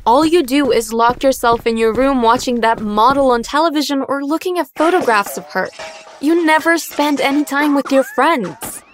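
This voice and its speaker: A woman playing a worried, caring middle-aged mother who pleads gently with her daughter. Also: high voice, moderate pace, a little hiss or hum, lightly acted. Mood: pleading.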